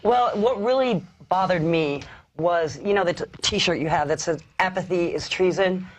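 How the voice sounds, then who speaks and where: A woman's voice: fairly low pitch, moderate pace. A woman talking as a guest on a talk show and telling stories about the people she interviewed. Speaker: guest activist. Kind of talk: studio chat.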